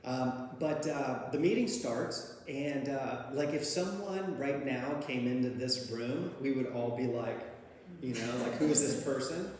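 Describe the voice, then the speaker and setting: A man's voice: medium pitch, a little slow, darkish tone, slight background noise. A man telling a personal recovery story in casual, rambling talk, with lots of fillers and restarts, and laughing at his own story. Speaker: speaker sharing a recovery story. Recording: very echoey hall with long reverb.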